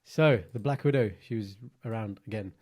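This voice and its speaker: A man, co-hosting a podcast in a chatty, animated storytelling way with lots of fillers. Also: on the low side, moderate pace. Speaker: podcast co-host. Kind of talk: casual chat.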